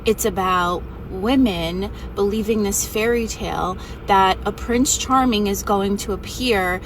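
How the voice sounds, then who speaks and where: A woman's voice: mid-range voice, unhurried, recorded from a distance, a little hiss or hum, poor audio. Blunt scornful woman ranting. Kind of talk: opinion rant to camera.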